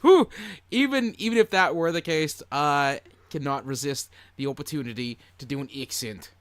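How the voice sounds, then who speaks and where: A man's voice: on the high side, normal speed, a bit bright, no echo. A man with a Canadian accent co-hosting a casual podcast, playful and jokey as he tells stories. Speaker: podcast co-host. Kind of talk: casual chat.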